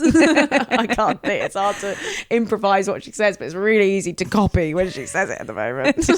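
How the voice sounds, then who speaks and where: Giggly brit girl chatting on a podcast, really animated up and down voice. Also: medium pitch, dry recording. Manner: giggly, chatty, quick to laugh. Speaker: podcast co-host. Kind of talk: casual chat.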